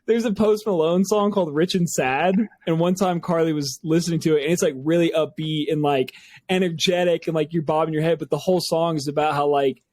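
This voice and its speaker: A man's voice: fairly high pitch, steady tone, fairly quick, darkish tone, no echo. A young man co-hosting a music review podcast, chatting casually with lots of fillers, swearing and laughter. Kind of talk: casual chat.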